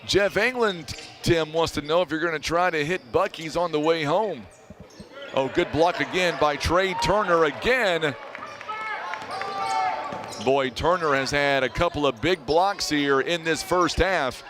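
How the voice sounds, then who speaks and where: A man with a Southern American accent calling a high school basketball game on local radio, chatty and folksy, reading sponsors and weather between plays. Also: measured pace, background noise. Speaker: play-by-play announcer. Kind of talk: radio sports commentary.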